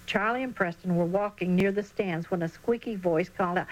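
A woman narrating a children's story in an expressive, storytelling manner. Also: on the low side, moderate pace, hardly any pauses, poor audio.

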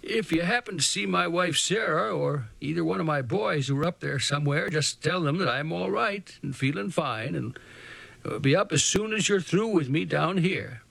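A man reading aloud, voicing a gentle, white-whiskered old man who speaks quietly with a trembling voice. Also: high voice, expressive, gravelly, no echo, heavily acted. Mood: prayerful. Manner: quiet, slow and earnest.

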